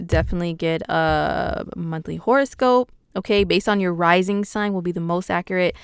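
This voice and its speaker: A woman's voice: medium pitch, clean tone, dry recording, studio quality. A woman astrologer giving a casual weekly horoscope forecast, chatty and slangy, with lots of fillers, talking straight to her viewers. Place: home in the US Pacific time zone.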